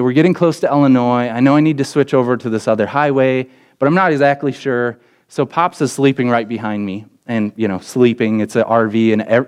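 A young adult man, a pastor, preaching a sermon and telling a story with lively acted quotes. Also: clean tone. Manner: storytelling with acted quotes, pitch jumping up in excited parts.

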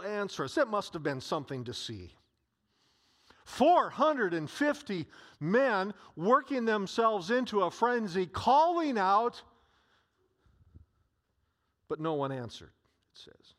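A male pastor preaching a sermon, telling a story in an animated way with frequent restarts. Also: sits high.

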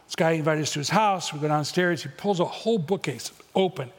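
A middle-aged pastor delivers a blunt, joking sermon to his congregation. His voice is husky and sits a little high for a man. The church around him rings with a long echo. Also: brisk. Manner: blunt, conversational preaching with humor. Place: church auditorium. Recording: long hall reverb.

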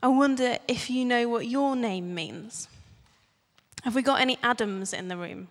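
A woman's voice: fairly high pitch, normal speed. Chatty woman preaching in a reverberant church. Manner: chatty, playful, asks the congregation questions. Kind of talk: sermon.

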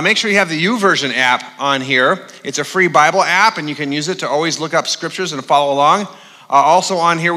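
A man's voice: fairly high pitch, sharp tone. A male pastor preaching a sermon in a conversational, humorous way with frequent "uh" fillers, speaking in a large church auditorium. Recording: long reverb of a large hall.

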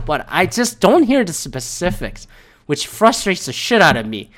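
A man's voice: fairly high pitch, big pitch swings, normal speed, a bit bright. A man in a casual political rant, rambling and profane, often repeating words as he restarts a thought.

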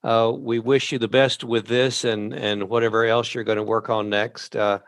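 A man hosting a podcast interview, speaking haltingly with many restarts. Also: mid-range voice, level tone, no echo. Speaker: podcast host.

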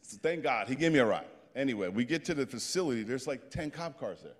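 A man in his fifties from New Jersey telling an animated, plain-spoken story as a guest speaker to a group. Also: medium pitch, fast talker, hardly any pauses, in a large hall. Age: 50s.

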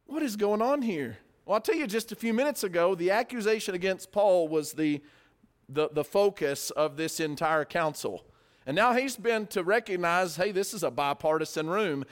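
High-voiced man teaching a sermon. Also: animated, normal speed. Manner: conversational, explains verse by verse with asides and repeated words. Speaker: preacher. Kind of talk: sermon, Bible study teaching.

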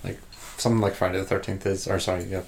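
A man on a podcast, reflecting in a halting way and often restarting his thoughts. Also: sits low, little pitch movement, vocal fry, a little mellow, a little hiss or hum. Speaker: podcast co-host. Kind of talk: casual chat.

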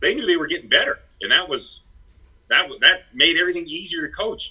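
A man's voice: on the high side, animated, brisk, sharp tone, breathy edge, poor audio. A middle-aged man, a former basketball head coach, telling stories in a blunt, self-deprecating way. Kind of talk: casual chat.

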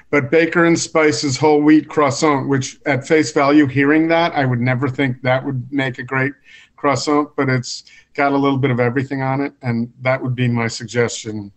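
A man hosting a podcast, asking questions in a halting way with many fillers. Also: mid-range voice, steady tone. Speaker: podcast host. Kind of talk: casual podcast interview.

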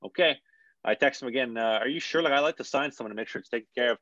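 A man's voice: mid-range voice, racing, dry recording, dull audio. A young man, a hockey player, telling a story in a casual podcast chat, rambling and acting out what people said. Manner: rambling, animated, acts out quotes.

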